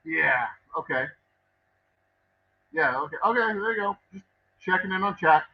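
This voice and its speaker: A man with a fairly high, slightly husky voice chats on a live stream from his distillery workshop while he works. He rambles with wry, self-mocking humor and swears freely. The sound is a little dull and lo-fi. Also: lively intonation, moderate pace. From Texas. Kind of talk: casual live-stream chat while working.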